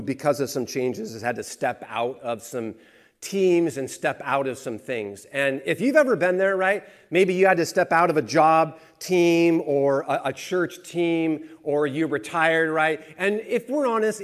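Animated male pastor preaching. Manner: swings from quiet, low emphasis to rising, animated exclamation. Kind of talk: sermon.

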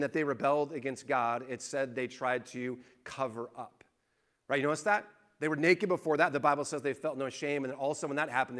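A man's voice: a little high, fairly bright tone. A male pastor giving a conversational sermon, telling stories and building to emphatic points. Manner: conversational preaching, rises into emphatic storytelling.

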